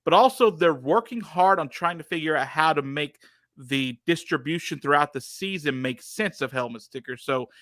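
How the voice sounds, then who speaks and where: A man co-hosting a podcast, chatting casually with animated, joking energy. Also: on the high side, moderate pace, no room sound, clean studio sound. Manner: animated, joking, laughs often. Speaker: podcast co-host. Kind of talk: casual chat.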